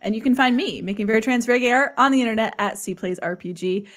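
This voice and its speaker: Earnest woman with a fairly high voice. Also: quick pace. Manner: earnest, pleading, warm thanks. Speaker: producer, dramaturg and performer. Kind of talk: casual panel interview.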